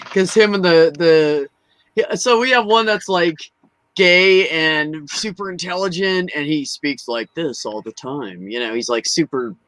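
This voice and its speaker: A man's voice: fairly high pitch, slow pace, pauses often, a bit bright, dry recording. A young adult man hosting a live open mic stream, chatting casually, laughing, swearing and mimicking his relatives as he tells stories. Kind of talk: casual chat.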